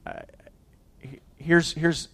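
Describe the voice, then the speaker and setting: A man preaching a sermon as a pastor, swinging from loud exhortation to hushed intensity, often restarting and repeating his words. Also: on the high side, huge pitch swings, slow pace, creaky, husky.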